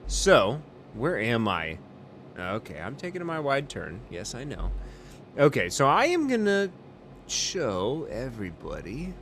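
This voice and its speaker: A man doing a comedic role-play as an airline pilot in a flight game, panicky and profane, lurching between muttering and shouting. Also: mid-range voice, wildly swooping pitch, a little slow, a little hiss or hum. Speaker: flight sim streamer.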